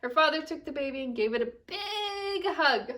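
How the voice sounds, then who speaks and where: A young woman teacher reading a silly picture book aloud to children, with animated, expressive storytelling. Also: sits high, moderate pace, recorded from a distance.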